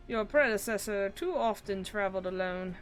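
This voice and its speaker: A woman's voice: mid-range voice, normal speed, faint music behind, natural voice. A woman voicing a grown soldier man in a fantasy game, who worries over a young boy. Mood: concerned. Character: caring, protective soldier man, grown adult.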